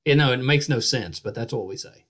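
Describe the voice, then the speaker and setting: A middle-aged man hosting a casual podcast interview, chatty and quick to laugh. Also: mid-range voice, a bit bright. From West Virginia. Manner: chatty, laughs often, repeats words. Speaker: podcast host.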